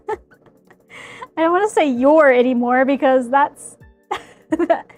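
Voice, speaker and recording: High-pitched woman streamer, unhurried, giggly, faint music behind. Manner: giggly, laughs often, exclaims in mock fright. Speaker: streamer making a cosplay prop. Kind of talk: casual live-stream chat.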